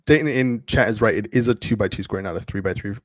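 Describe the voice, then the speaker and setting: A man at a tabletop game making quick, self-deprecating asides. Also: on the low side, dry recording, studio quality. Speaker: player. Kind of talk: casual tabletop game talk.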